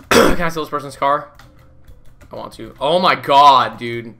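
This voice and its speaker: A man's voice: mid-range voice, a little slow, long pauses, sharp tone, soft background music. A young man giving casual, goofy commentary as he plays a game, laughing often and swearing casually. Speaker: gaming YouTuber.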